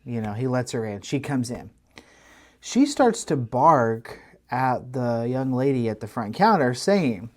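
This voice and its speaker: A man, co-hosting a podcast and telling a long story in a casual, animated way with lots of restarts. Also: medium pitch, unhurried. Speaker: podcast co-host. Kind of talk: casual chat.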